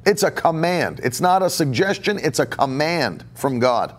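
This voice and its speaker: A man's voice: a little high, sing-song, normal speed. A middle-aged male pastor preaching on a podcast in a slightly raised voice. He hammers home each point by repeating it, and he stops to take questions from listeners. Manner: emphatic, repeats phrases for stress; takes viewer questions live. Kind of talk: podcast sermon.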